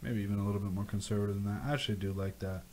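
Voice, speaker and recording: A man's voice: fairly low pitch, racing, slight background noise. A man hosting a casual crypto livestream, reading viewer questions aloud and ranting, often repeating himself. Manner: rambling, animated rants with repeated phrases.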